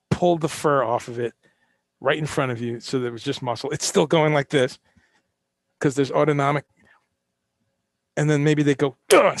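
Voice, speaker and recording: Impassioned man with a gravelly voice. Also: medium pitch, dry recording, clean studio sound. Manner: impassioned, ranting, swears, rhetorical questions. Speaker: host. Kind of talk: live-streamed solo talk.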